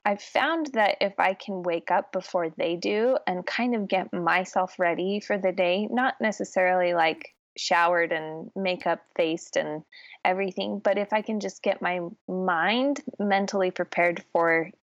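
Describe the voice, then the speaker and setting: A woman's voice: lowish voice, unhurried, no room sound, lo-fi sound. A woman in her thirties, a podcast guest, chatting easily and laughing often. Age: 30s. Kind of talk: conversational interview.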